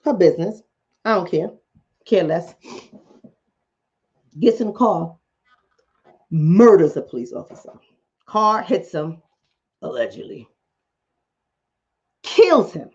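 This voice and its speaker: A woman's voice: lowish voice, animated, takes it slowly, pauses often, a little mellow, highs cut off. A woman vlogger, talking emphatically and preachily straight to her viewers in a casual commentary monologue.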